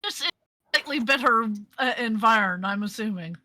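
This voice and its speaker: A woman's voice: on the high side, animated, normal speed, sharp tone, no echo, low-quality recording. A woman playing a character in a tabletop game, starting hesitantly with stammers. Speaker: player. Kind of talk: casual tabletop role-play narration.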